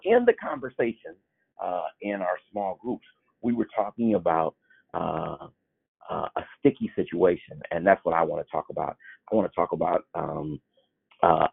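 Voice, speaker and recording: Man, gravelly, husky, halting Bible teaching, tinny phone-like sound. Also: low voice. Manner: halting, many fillers and restarts. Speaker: small-group teacher.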